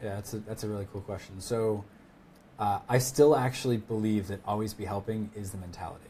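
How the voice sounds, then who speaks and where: A man's voice: on the low side, fairly even intonation, a little fast, mellow, a little hiss or hum. A man explaining sales negotiation in a casual webinar, chatty and full of fillers and restarts. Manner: conversational, many fillers and restarts. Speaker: sales expert guest.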